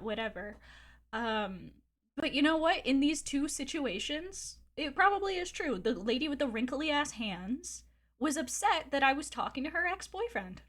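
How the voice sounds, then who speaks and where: A woman's voice: high voice, lively intonation, normal speed, fairly bright tone. A woman streamer chatting casually, telling a gossipy story candidly with frequent swearing and laughs. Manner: rambling with fillers and laughs. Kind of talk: casual chat.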